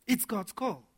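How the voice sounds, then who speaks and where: A man preaching a sermon to men, animated and laughing as he acts out little scenes. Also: very high voice, husky.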